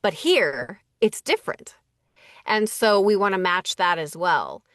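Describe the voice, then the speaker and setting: Relaxed casting woman, dry close sound. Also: fairly low pitch, measured pace, no room sound. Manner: relaxed, thinks aloud with many fillers. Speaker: voice director and casting associate. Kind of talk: casual interview conversation. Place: Los Angeles.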